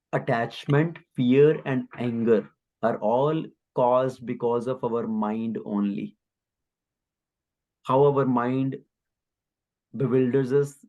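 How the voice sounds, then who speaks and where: A man giving a sermon and telling an illustrative story in an explanatory, animated way. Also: medium pitch, low-quality recording. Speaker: spiritual teacher.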